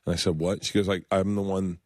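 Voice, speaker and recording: A guest comedian in his fifties tells animated stories in casual chat on a radio show, acting out the voices of the people in them and laughing a lot. His voice sits low and moves fast, captured in a radio studio with studio quality and no room sound.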